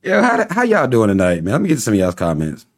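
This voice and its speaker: A man's voice: lowish voice, wildly swooping pitch, quick pace. A man hosting a casual livestream, talking to viewers and reading their comments, often breaking into laughter and teasing in a loose, rambling way.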